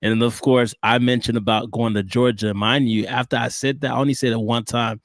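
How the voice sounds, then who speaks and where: Man, podcast co-host, relaxed storyteller, mid pitch, dry close sound. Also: fairly quick, no echo. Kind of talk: casual chat.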